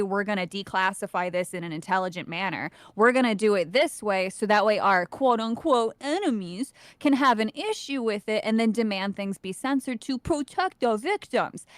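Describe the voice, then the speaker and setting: A woman's voice: on the high side, dry recording. A woman guest on a live stream, talking bluntly and sarcastically about politics, swearing freely. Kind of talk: casual political chat.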